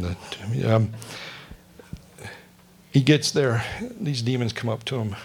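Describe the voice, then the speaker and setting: Guy preaching a sermon, chatty and funny, keeps asking the room stuff, mid-pitched. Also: takes it slowly, pauses often, darkish tone, a little hiss or hum. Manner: conversational, humorous, asks the congregation questions. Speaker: pastor.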